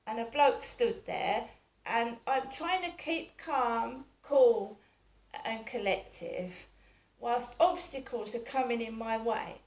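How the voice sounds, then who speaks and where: A middle-aged woman vlogger talks through her day in a rambling, aggrieved monologue, circling back and repeating herself. Her voice is a little high and a little mellow, and she speaks slowly.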